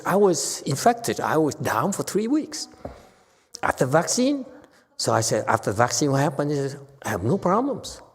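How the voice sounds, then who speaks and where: A man's voice: mid-range voice, breathy edge. A man giving a casual Buddhist dharma talk as teacher, chatty and teasing, laughing often. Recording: reverberant hall.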